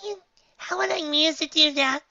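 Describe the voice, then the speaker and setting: A reader voicing a spirited young unicorn filly, high and eager. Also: moderate pace, vocal fry, pushed and bright, no echo, dull audio, heavily acted. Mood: frustrated.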